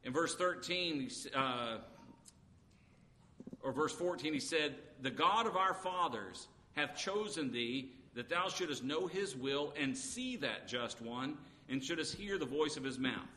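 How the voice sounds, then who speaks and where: A man's voice: fairly high pitch, lively intonation, measured pace, sharp tone. A man preaching an earnest sermon, reading scripture aloud between his own explanations, with frequent "uh" fillers. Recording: long reverb, faint background noise.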